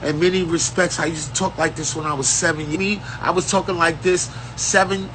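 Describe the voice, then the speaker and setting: Man, preachy street-slang spiritual rant, profane, high-ish sharp voice, faint traffic behind. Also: fairly even intonation, brisk, poor audio. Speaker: self-styled spiritual teacher. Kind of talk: unscripted spiritual rant to camera.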